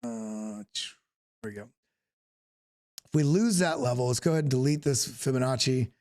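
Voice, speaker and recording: A man's voice: mid-range voice, moderate pace, a little mellow. A man from the Southern United States hosting a live stream, talking casually through market charts and often restarting his sentences. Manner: casual, thinking aloud with frequent restarts. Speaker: host. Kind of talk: live technical chart analysis.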